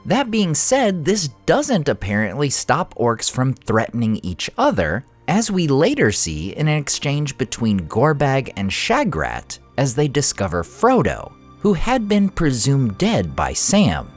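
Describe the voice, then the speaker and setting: Expressive male lore narrator. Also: medium pitch, unhurried, few pauses, faint music behind. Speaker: host of a fantasy lore channel. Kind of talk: scripted narration.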